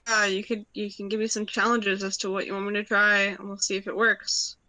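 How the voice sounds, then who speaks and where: Teen girl friend on a game call, bright voice, giggly and curious, dry sound. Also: medium pitch, flat delivery, fairly quick, dry recording, low-quality recording. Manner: giggly, curious, trailing off mid-sentence. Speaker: co-player friend. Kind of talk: casual chat.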